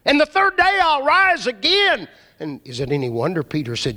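A man preaching a sermon, dramatic, swinging from loud emphasis to hushed low asides. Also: big pitch swings, normal speed. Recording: hall reverb.

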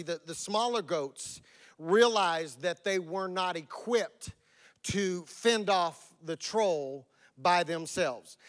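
A man preaching a sermon, retelling a fairy tale in a folksy, animated way, stumbling and repeating words as he goes. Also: high-pitched. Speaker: pastor. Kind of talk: sermon with a storybook reading.

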